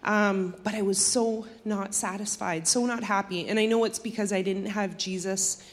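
In a long, reverberant hall, a woman from the church shares a relaxed testimony about her mission trip. Her mid-range voice stays fairly even in intonation at a moderate pace, and she laughs and uses fillers often as she chats.

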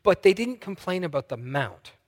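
A man preaching a sermon, telling a story with lively acted-out voices. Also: high-pitched, brisk, in a large hall. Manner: animated storytelling, acting out voices. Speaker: pastor.

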